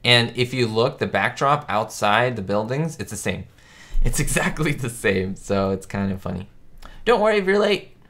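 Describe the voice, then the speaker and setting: A man hosting a casual live stream, chatting about an old sitcom episode and answering viewers' comments with excitable asides. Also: fairly low pitch, moderate pace. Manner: chatty, reads chat aloud, excitable asides. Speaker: host. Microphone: webcam setup.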